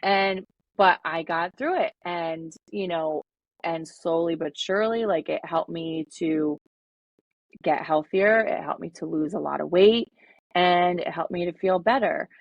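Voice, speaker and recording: A woman co-hosting a podcast, talking in a relaxed, rambling way with lots of fillers. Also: on the low side, measured pace, gravelly, dry recording, muffled recording. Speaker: podcast co-host. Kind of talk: casual podcast chat.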